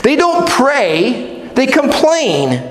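High-voiced man preaching in a hall. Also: extremely slow. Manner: animated, acts out people and God in quoted voices. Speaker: pastor. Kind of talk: sermon. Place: church sanctuary. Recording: echoey hall with long reverb.

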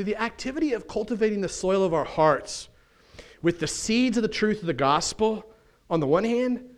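Speaking in a high voice, a man delivers a church sermon as pastor. His style is folksy and animated, full of casual slang and brief asides.

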